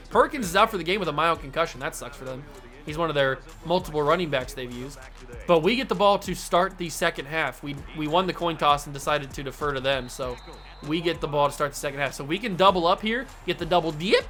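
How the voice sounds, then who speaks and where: A young gaming channel host gives casual play-by-play while he plays, his voice slightly high. He's upbeat, excitable and jokey, narrating his own moves like a sportscaster as faint game music plays behind him.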